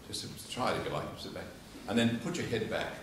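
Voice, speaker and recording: An Australian man teaching public speaking to a live audience, telling stories and acting out quotes in an animated way. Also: on the low side, a little fast, background noise. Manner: animated storyteller, acts out quotes and laughs along. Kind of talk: informal lecture with demonstrations. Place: church hall with live audience. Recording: echoey hall from far off.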